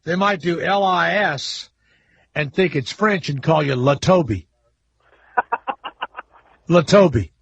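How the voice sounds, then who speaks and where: A man's voice: on the high side, animated, slow, pauses often, slightly rough, no echo, muffled recording. A man hosting a call-in radio talk show, brash, crude and joking with callers. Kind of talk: casual call-in radio banter. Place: radio studio.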